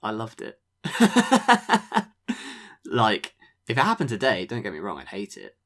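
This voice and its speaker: A man co-hosting a podcast, recapping wrestling matches in a relaxed way, full of ums. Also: fairly low pitch, unhurried. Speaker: podcast co-host. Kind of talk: casual review chat.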